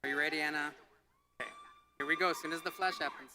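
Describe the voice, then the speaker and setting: A man casually checking name pronunciations with students, friendly and brisk, with short questions and reassurances. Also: on the high side, fairly even intonation, bright, forceful tone. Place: graduation ceremony, near the stage.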